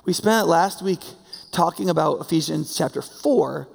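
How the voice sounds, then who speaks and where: Male pastor, casual animated sermon, higher pitch, long hall reverb. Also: moderate pace, creaky. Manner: animated, conversational, acts out quoted voices.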